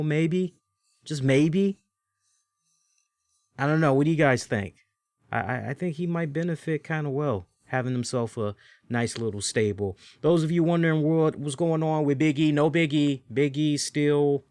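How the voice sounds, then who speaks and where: A man hosting a casual solo wrestling review, rambling and animated, with lots of fillers and asides. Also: mid-range voice, no room sound, studio quality. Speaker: wrestling show host.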